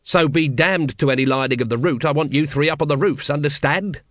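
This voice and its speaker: A man's voice: on the high side, a little fast, fairly bright tone, dry recording, natural voice. A man reading an audiobook, voicing a weary, blunt middle-aged watch captain with a terse, dry manner. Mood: grim.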